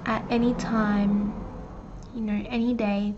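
High-voiced woman telling a story time. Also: fairly even intonation, takes it slowly, slight background noise. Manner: earnest, hesitant confession. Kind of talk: emotional story time vlog. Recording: dull lo-fi clip audio.

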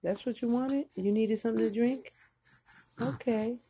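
A woman's voice: a little high, steady tone, normal speed, gravelly, mellow, slight background noise. An older woman, a grandmother, chatting playfully and cooing at her grandson while feeding him. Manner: playful, cooing and teasing at the baby. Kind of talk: casual talk while feeding a baby.

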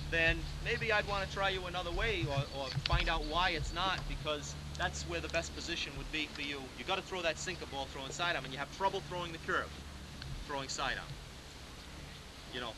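A man, a pitching coach, lecturing young players at a camp, checking in with "okay?" and calling them "guys". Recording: loud hiss on an old 1980s lecture tape.

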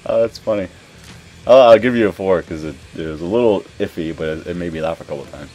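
A young man giving live gameplay commentary, excitable, swearing and yelping at crashes. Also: deep voice, fast, faint music behind. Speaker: gaming commentator.

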